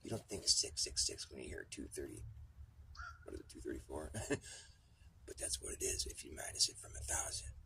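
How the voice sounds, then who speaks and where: A man livestreaming a rambling, swearing conspiracy monologue, often half-whispered and hushed. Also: extremely low pitch, big pitch swings, a little fast, long pauses, recorded from a distance, background noise. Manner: mumbling, swearing, chuckling.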